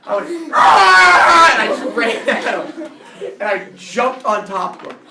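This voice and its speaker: A man telling a childhood fight story in an animated way, laughing and acting out the voices. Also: sits high, normal speed, crowd noise, background noise. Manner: animated, laughing, acts out quotes. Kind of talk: personal storytelling talk. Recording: roomy, distant camera audio.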